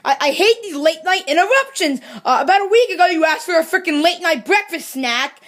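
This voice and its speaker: A woman's voice: extremely high pitch, animated, fairly quick, a bit bright. A woman doing a ranting cranky mushroom servant. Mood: exasperated. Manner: exasperated ranting, sarcastic.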